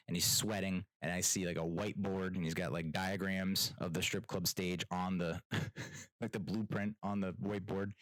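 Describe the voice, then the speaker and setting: A man's voice: sits low, a bit bright, no room sound, poor audio. A man hosting his own podcast, telling rambling, self-mocking stories in casual solo chat. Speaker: podcast host.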